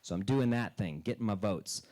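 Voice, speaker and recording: A man doing a stand-up comedy set on a club stage into a handheld mic, dry and deadpan, breaking into loud character bits. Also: fairly low pitch, moderate pace, low-quality recording.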